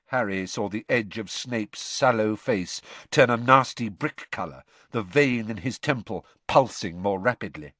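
A man narrating a novel as an audiobook, in an expressive, dramatic storytelling way, recorded in a studio. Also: fairly low pitch, unhurried, few pauses, no echo.

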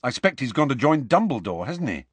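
A man's voice: mid-range voice, big pitch swings, fast talker, husky, no room sound, pitched above the performer's own voice. A man voicing a worried, blunt teenage schoolboy wizard in a storybook reading. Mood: glum.

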